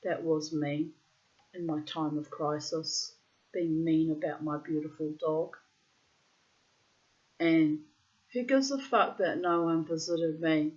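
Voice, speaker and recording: A middle-aged woman talks casually and bluntly, swearing freely as she reads her journal aloud. Her voice sits a little low. The recording sounds dull and lo-fi. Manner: frank and profane, breaks into loud laughter. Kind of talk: casual spoken monologue with diary readings.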